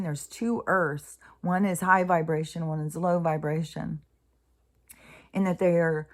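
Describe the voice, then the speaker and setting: A woman talking through her spiritual thoughts in a casual, rambling way, full of pauses and restarts, sometimes dropping to a soft whisper. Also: lowish voice. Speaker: spiritual vlogger.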